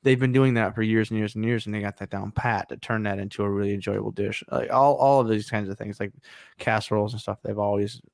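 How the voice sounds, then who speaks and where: A man's voice: lowish voice, fairly even intonation, fast, creaky, dry recording, studio quality. A man co-hosting a casual podcast, holding forth with opinions in long run-on sentences. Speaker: podcast co-host. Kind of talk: casual chat.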